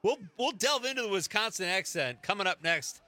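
A man's voice: high-pitched, lively intonation, brisk, bright, forceful tone, soft background music. A man hosting a late-night call-in radio show, easygoing and chuckling as he reads listener texts. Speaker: radio host. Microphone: studio microphone.

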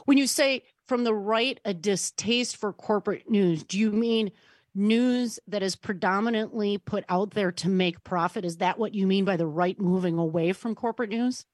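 A woman's voice: medium pitch, moderate pace, no room sound. A woman hosting a call-in radio talk show, pressing her caller with pointed follow-up questions. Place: radio studio.

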